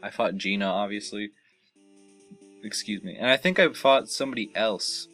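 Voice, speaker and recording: A man's voice: on the low side, moderate pace, fairly bright tone. A young man casually commentating his playthrough of a game, rambling and unsure of himself, with many fillers and self-corrections. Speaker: let's play host. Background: faint game music.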